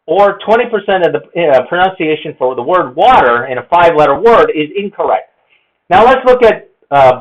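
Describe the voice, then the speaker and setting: A man's voice: sits high, highs cut off. A man giving an explanatory monologue, lecturing and methodically counting errors. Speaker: presenter.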